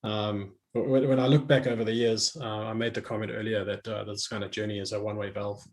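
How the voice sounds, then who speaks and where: A man's voice: lowish voice, flat delivery, fast. A middle-aged man talking reflectively as a guest, often restarting his phrases and laughing easily. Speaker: guest speaker. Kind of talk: conversational online talk.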